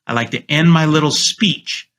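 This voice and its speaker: A man's voice: fairly high pitch, normal speed, a bit bright. A man on a remote call, a real estate agent talking casually and confidently as a guest, coaching listeners and often repeating himself. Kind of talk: casual interview chat.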